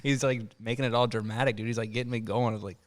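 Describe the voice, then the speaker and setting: He talks rapid-fire in a mid-range voice with fairly even intonation, a podcast host recounting a story casually and voicing each person who appears in it.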